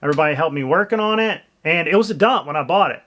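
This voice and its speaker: A middle-aged man talks casually to his viewers, sharing strong opinions and asking for their thoughts. His voice sits a little on the high side for a man. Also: expressive, fast talker, fairly bright tone. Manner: chatty, opinionated, asks viewers questions. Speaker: vlogger and real estate agent. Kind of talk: casual commentary vlog.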